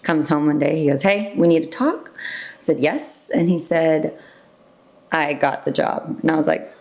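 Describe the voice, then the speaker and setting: Woman, thirties, low voice, casual storytelling, lots of "like" and "you know", podcast guest. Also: level tone, a little slow, vocal fry, a little mellow. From San Diego. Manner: chatty, many fillers, acts out quoted exchanges.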